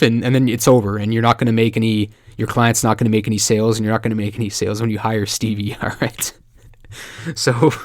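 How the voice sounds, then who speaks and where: A man from Canada hosting a casual marketing tutorial, chatty and excitable, breaking into jokes and acted-out quotes. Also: mid-range voice, dry recording, clean studio sound. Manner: chatty, excitable, joking asides, acts out quoted voices. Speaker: marketing video host. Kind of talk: casual talking-head tutorial.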